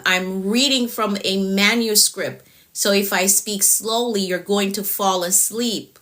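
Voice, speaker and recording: Speaking quickly on a live stream, a Jamaican-accented productivity coach checks in with "okay?" after almost every point she makes. She has a mid-range voice with a sharp tone.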